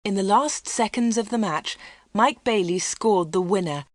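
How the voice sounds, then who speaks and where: Clear woman reading a story. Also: mid-range voice, a little slow, no room sound, clean studio sound. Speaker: narrator. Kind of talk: scripted storybook narration for learners.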